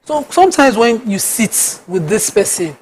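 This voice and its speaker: A woman's voice: on the high side, normal speed, slight background noise. A Nigerian woman co-hosting a TV talk show, telling stories in casual chat with lots of laughter. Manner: animated, laughing storyteller. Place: TV studio.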